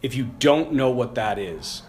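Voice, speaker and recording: A man voicing a calm, commanding older football coach who teaches his players a hard lesson. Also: medium pitch, a little slow, slight background noise, lightly acted. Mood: stern. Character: stern, shrewd older male football coach.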